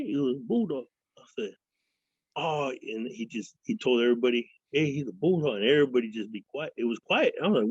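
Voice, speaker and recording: A man's voice: medium pitch, expressive, a little fast, slightly rough, no echo. Man from Fresno, interview guest, rambling and profane, mimics voices in his stories; dry, dull lo-fi recording. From Fresno, California. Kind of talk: casual storytelling interview. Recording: dull lo-fi sound.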